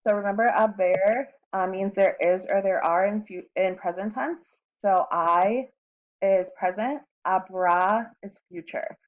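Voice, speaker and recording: A woman teacher slowly walking students through recorded lesson notes, with frequent ums. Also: medium pitch. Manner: slow and deliberate, with frequent ums. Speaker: Spanish teacher. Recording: slightly dull lo-fi audio.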